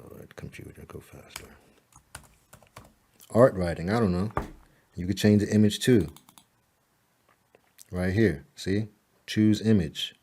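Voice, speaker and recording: With a slightly low voice, a man narrates a casual screen-recorded lesson for a client on editing their website. His talk is loose, repetitive, and cheerful, full of "all right" and "boom," with self-directed laughter and muttering at the slow computer.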